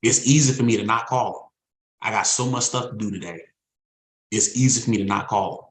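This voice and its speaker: A man's voice: lowish voice, fairly bright tone, roomy sound, low-quality recording. A man leading an insurance sales team in a motivational talk, speaking in a conversational, emphatic way and repeating his points. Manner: repetitive, emphatic, conversational preaching.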